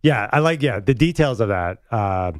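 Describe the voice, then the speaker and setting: A man's voice: on the low side, animated, normal speed, dry recording, studio quality. A man co-hosting a casual sports chat who talks with enthusiasm. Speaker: co-host.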